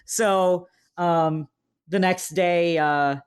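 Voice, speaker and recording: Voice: medium pitch, steady tone, very slow, clean tone. A podcast co-host casually retelling a game scene, with plenty of ums and uhs. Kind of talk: casual chat.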